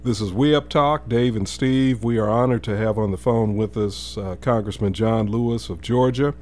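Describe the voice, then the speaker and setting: A man hosting a talk show, interviewing a guest with hesitant, halting questions. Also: lowish voice, darkish tone. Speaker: radio show host.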